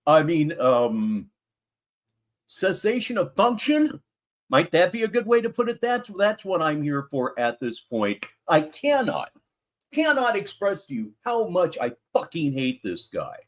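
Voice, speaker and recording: A male stream host talks in a lively, swooping voice that sits a little high. He is sarcastic and contemptuous and swears freely as he comments on a clip. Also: unhurried. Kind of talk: livestream commentary.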